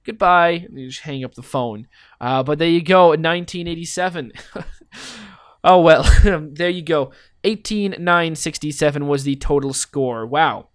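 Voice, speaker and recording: A man thinks aloud over a geography game in a loose, wandering way, asking himself playful questions. His voice sits a little high. The recording is dry and close, with no room sound. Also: moderate pace, clear, resonant tone, no echo. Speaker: game commentator. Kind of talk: casual let's-play commentary.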